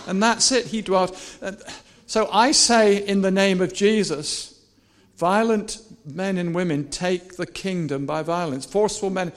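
A male preacher giving a lively, animated sermon, swinging between soft, personal asides and repeated, shouted rallying cries. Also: high voice, slow pace, hardly any pauses. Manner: animated, shouting and laughing with the crowd.

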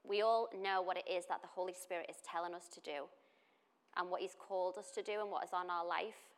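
A woman's voice: fairly low pitch, fairly even intonation, brisk, clear, resonant tone. A woman giving a conversational sermon at a church meeting, full of chatty asides and restarts. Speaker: church speaker.

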